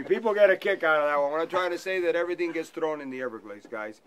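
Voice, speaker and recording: A man with a fairly high voice talks quickly, barely pausing, as he jokes with and teases passengers while telling stories on an airboat tour through the wetlands. The boat-mounted 360 camera picks up heavy wind and engine roar.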